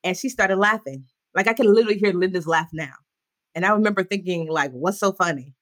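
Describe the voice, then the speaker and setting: A woman in her thirties speaks in a lowish voice as an interview guest, recalling her past openly. She talks animatedly and jumps up in pitch when she quotes other people. The sound is dry and close. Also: fast talker, a bit bright, dry recording. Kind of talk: candid interview storytelling.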